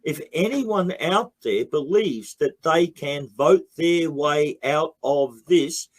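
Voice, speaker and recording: A man's voice: a little high, expressive, slow pace. An Australian man, a guest in a heated interview, speaking bluntly and emphatically with frequent swearing.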